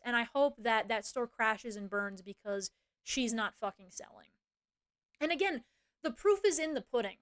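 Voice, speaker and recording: A woman's voice: on the high side, fairly bright tone. A woman streamer venting in casual chat, ranting and swearing, with many fillers and restarts.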